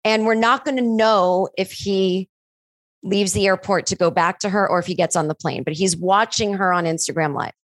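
A woman screenwriter in casual podcast chat, telling stories animatedly and acting out bits of dialogue with sudden jumps in pitch. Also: normal speed, dry recording. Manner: animated storyteller who acts out dialogue with big pitch jumps. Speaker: screenwriter discussing her film.

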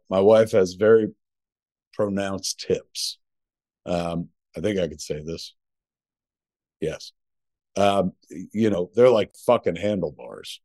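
Middle-aged male podcast co-host, rambling and profane, low voice, dry sound. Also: darkish tone, no echo. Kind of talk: casual chat. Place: home.

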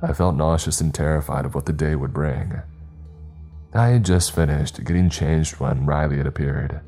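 A man narrates a scripted horror story in a measured, grave way. His voice is extremely deep and dark, with quiet music playing underneath. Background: faint background music.

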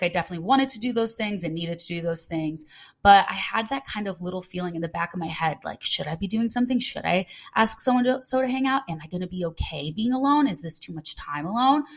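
A woman in her twenties hosting a podcast, talking casually and chatty with lots of filler words. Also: lowish voice. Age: 20s. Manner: chatty, frequent "like" fillers, upbeat. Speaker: podcast host. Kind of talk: casual solo podcast chat.

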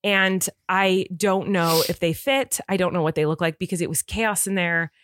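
A woman in her thirties co-hosting a podcast, telling a family story in lively casual chat and acting out the quotes. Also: lowish voice, moderate pace, no echo, studio quality. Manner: animated storytelling, acts out quotes. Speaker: podcast co-host.

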